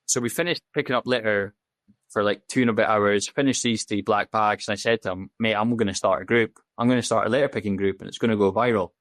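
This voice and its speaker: A man's voice: fairly low pitch, steady tone, fast, a bit bright, dry recording. A man, a podcast guest telling his story in candid, casual talk, blunt and full of swearing, acting out the dialogue he quotes. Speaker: podcast guest, safety officer.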